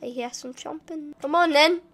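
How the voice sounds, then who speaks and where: A high-pitched woman narrating her game as she plays, excitable and full of swearing. She shouts insults at the enemies on screen. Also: normal speed. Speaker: gamer. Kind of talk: gameplay commentary.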